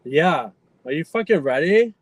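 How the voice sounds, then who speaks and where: A man trash-talking and taunting with loud squealing "ooh" yelps and heavy profanity. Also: fairly high pitch, lively intonation, a little slow, breathy edge, no room sound.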